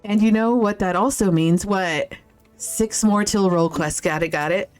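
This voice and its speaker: A woman's voice: medium pitch, unhurried, darkish tone, faint music behind. A woman streamer giving casual, swear-heavy commentary while she plays a game, laughing often and reading the game's lines aloud. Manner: reads game dialogue aloud.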